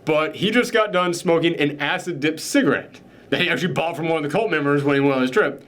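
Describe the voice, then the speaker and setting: A man with a slightly high voice chatting casually through a film review. He talks in a candid, opinionated way. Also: fast, a bit bright. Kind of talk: casual movie review chat.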